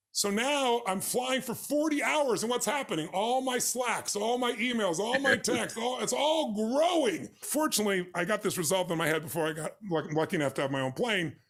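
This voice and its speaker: Male interview guest, animated storyteller, high and very lively delivery. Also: normal speed. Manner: energetic, acts out dialogue with big shifts.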